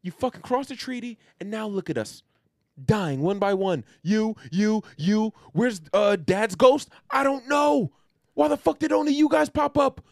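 A man's voice: lively intonation, unhurried, gravelly, no room sound, clean studio sound, full character voice. A man voicing an enraged, grieving male mutant turtle, ranting at his dead brothers in a raised, strained voice. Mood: furious rant. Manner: ranting, high and strained, yelling at ghosts.

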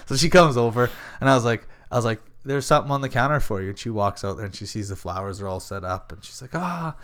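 A man's voice: lowish voice, fairly even intonation, fast talker, a bit bright, clear, resonant tone. A man in his thirties, a fighter, chatting casually on a podcast and rambling through a story while acting out the people he quotes. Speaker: MMA fighter.

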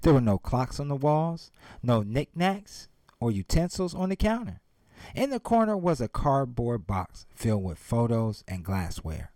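A man's voice: mid-range voice, very animated, measured pace, mellow, no room sound. A man giving a motivational speech and retelling a story, emphatic and speaking straight to his audience. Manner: emphatic, addresses the audience directly.

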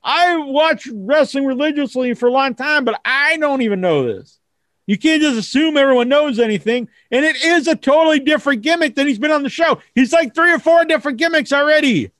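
A man hosting a casual wrestling talk show, rambling and profane, acting out kids in squeaky voices. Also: lively intonation, fairly quick, a bit bright, no echo. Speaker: host.

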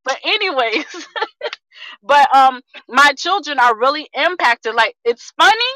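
A woman in her thirties giving an energetic, preachy testimony on a group video call, repeating herself for rhythm and calling her listeners family. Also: high-pitched, a little slow, dry recording, rough recording. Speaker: community member sharing testimony.

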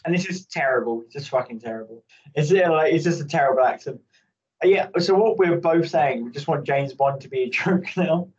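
Sweary, animated man on a distant mic. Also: on the high side, a little fast, muffled recording. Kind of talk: casual chat.

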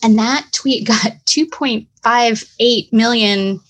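A woman's voice: fairly high pitch, slow, husky. Talkative, hyper woman. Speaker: guest. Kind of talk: storytelling in a conversation.

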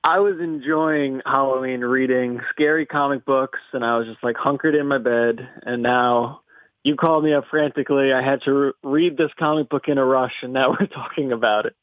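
Brief: male call-in guest, relaxed and amused, thin phone-line sound. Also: medium pitch, moderate pace, no echo. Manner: relaxed, amused, laughs easily. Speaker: editor-in-chief, phone guest. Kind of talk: casual comic book chat.

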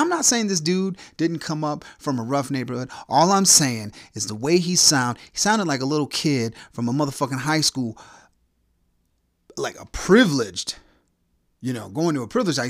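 A man's voice: a little high, no echo, clean studio sound. A man hosting his own podcast, talking through a blunt, profane, provocative solo rant. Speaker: podcast host.

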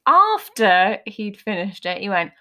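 A Scouse woman chats away as a podcast co-host, telling stories with many fillers. Her voice sits at a middle pitch. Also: very animated, a little slow, sharp tone. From Liverpool, England. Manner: chatty storyteller, rambling with fillers. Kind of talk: casual chat.

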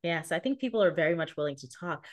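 A woman hosting a podcast, talking in a relaxed, reflective, conversational way. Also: on the low side, racing, no room sound, clean studio sound. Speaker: podcast host. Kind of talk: casual conversation.

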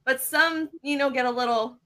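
A woman's voice: high-pitched, normal speed, a bit bright. A bubbly woman who laughs easily, hosting a casual podcast on a video call. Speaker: podcast host.

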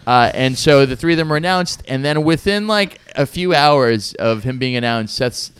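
A man's voice: medium pitch, expressive, normal speed, a bit bright, clear, resonant tone, no room sound. A man co-hosting a casual podcast, rambling through a story with sarcastic asides and frequent laughs. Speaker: podcast co-host. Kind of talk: casual chat.

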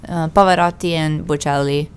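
A woman's voice: low voice, steady tone, normal speed, slight background noise. A woman, co-hosting a podcast in casual chat, talkative and self-deprecating, restarting her sentences often. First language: Italian. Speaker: podcast co-host.

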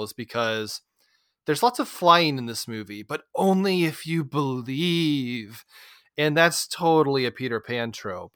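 A man hosting a casual movie discussion, chatty and quick to laugh, often saying "like". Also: mid-range voice, expressive, fairly bright tone, clear, resonant tone, dry recording, studio quality. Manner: chatty, uses "like" a lot, laughs easily. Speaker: podcast host.

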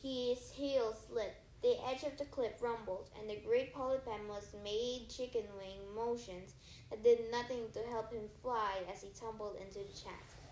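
A woman reading a story aloud in first person, lively, with small stumbles and self-corrections. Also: a little high, unhurried, echoey room, slight background noise, rough recording. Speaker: audiobook reader.

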